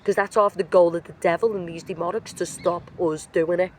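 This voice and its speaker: A woman's voice: fairly low pitch, steady tone, fairly quick, darkish tone, slight background noise. Woman tarot reader, sick-sounding voice; blunt, emphatic, slangy delivery, recorded outdoors. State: sick, voice affected. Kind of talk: casual motivational tarot reading. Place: outdoors in nature.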